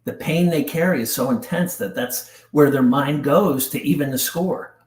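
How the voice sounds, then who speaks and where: A middle-aged man from New Jersey, a podcast guest telling a painful personal story in an intense, halting way with casual slang. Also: a little high, darkish tone. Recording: roomy echo.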